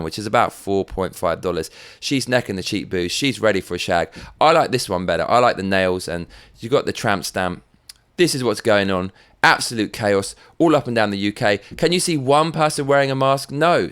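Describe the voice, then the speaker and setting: This English man hosts his own show, offering sweary, sarcastic ranting commentary on the week's news. His voice sits at a medium pitch with a fairly bright tone.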